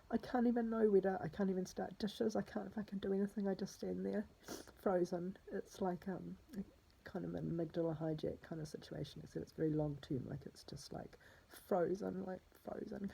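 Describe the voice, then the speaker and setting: Woman, very breathy, gravelly voice, distraught, rambling, profane, slips into whispers. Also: mid-range voice, mellow, rough recording. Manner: drops to a husky whisper. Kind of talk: personal spoken diary.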